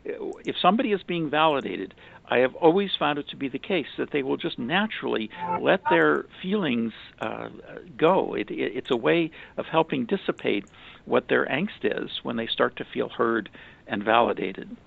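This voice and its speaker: A man explaining relationship advice in a halting, casual way, with many restarts and fillers. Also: mid-range voice, expressive, creaky. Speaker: relationship communication commentator. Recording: dry, phone-like narrow sound.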